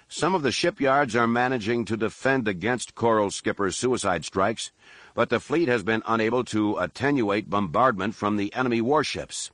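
A man voicing a male enlisted rating giving a brisk battle report. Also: on the low side, a bit bright, no echo, close to an everyday voice.

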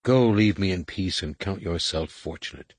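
A man's voice: sits low, moderate pace, no echo. A man voicing a proud alien woman shaper in pain, speaking in a haughty, strained way.

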